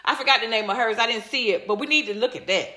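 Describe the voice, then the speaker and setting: On a livestream, a fast-talking woman with a slightly high, sharp voice reacts to viewer comments in a heated, casual rant. Her style is emphatic, blunt, and repetitive, with swearing, and the recording sounds roomy.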